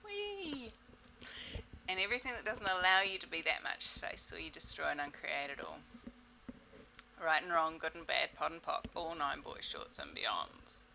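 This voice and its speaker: A woman leading a self-help webinar in a playful, exclamatory way, repeating set clearing phrases. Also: sits low, animated, moderate pace, bright, forceful tone, a little hiss or hum, low-quality recording. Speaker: webinar facilitator.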